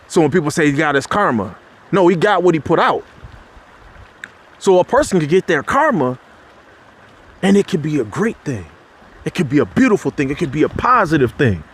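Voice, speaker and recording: Man, husky voice, fairly high pitch, preachy spiritual talk, casual slang, pitch climbs for emphasis. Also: a bit bright. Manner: preachy, rises sharply in pitch when making a point; loose and conversational, with slang and restarts. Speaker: motivational speaker. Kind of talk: impassioned spiritual monologue.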